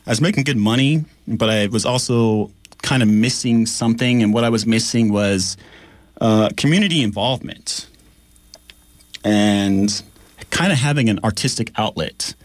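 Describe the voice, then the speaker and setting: A man co-hosting a community radio show, telling his story in an animated, chatty way with plenty of fillers. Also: lowish voice, normal speed, no echo. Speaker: radio apprentice co-host. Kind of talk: casual radio chat. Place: radio studio.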